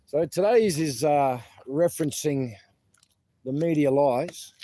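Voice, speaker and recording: A man's voice: on the high side, takes it slowly, warm tone. A man with an Australian accent hosting a casual outdoor livestream, rambling and swearing freely between laughs. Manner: rambling, profane, chatty, laughs often. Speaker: protest livestream host. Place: outdoors at a protest site.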